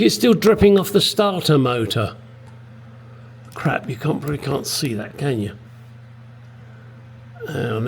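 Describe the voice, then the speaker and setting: His voice is mid-range and creaky, with slight background noise behind it. He's a middle-aged man from England working on a classic car in his home garage, addressing the camera bluntly and cursing freely for a casual workshop vlog.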